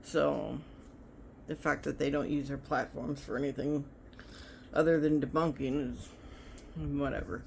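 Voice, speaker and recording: A woman's voice: a bass voice, fairly even intonation, a little slow, creaky, long pauses, slight background noise. A woman telling rambling stories in a casual vlog, talking into her phone. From United States. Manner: chatty, rambling. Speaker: vlogger.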